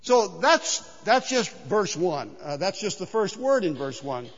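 A male pastor preaches in a lively, conversational way and keeps drawing in his congregation. His voice runs high and swings widely in pitch. The recording is muffled and trails off in a long church-hall reverb. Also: unhurried. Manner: animated, conversational, engages congregation. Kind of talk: sermon.

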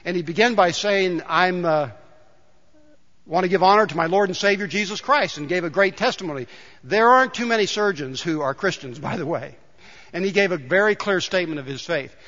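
A male pastor with a high, bright voice delivers a sermon in a church sanctuary, his words trailing off into a long hall reverb. He shifts between easy storytelling and emphatic calls to the congregation. The sound is slightly dull and muffled. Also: a little fast. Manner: rises to emphatic calls to the congregation, tells jokes.

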